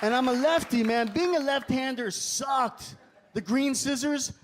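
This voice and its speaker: A young male stand-up comedian with a high voice works a club stage. He jumps between a conversational delivery and loud, shouted punchlines. A faint crowd murmurs behind him over a light hum of room noise. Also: fairly even intonation, brisk.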